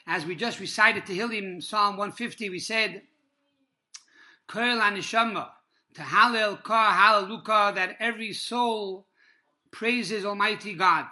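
A man leads a Torah class in a sermon style, with a high voice. His tone is very bright and ringing, and he tells stories slowly with many pauses, dropping Hebrew religious terms along the way. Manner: measured storytelling with frequent pauses and fillers. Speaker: rabbi teaching a Torah class.

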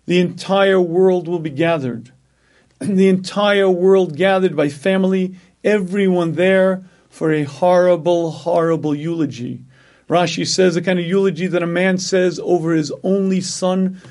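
A man delivers a religious sermon in a slightly raised register. He keeps clearing his throat between phrases. He drives points home by repeating key words. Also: fairly high pitch, darkish tone. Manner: frequent throat clearing, emphatic repetition. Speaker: rabbi giving a talk.

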